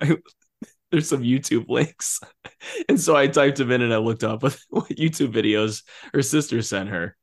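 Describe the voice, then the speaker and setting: Speaking at medium pitch and a moderate pace, this podcast co-host discusses a film in a casual, lively way, laughing a lot and often beginning his sentences again.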